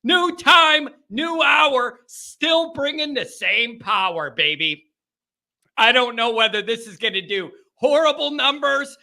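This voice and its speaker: A man hosting a call-in sports radio show, talking in an energetic and animated way. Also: extremely high pitch. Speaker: sports talk show host.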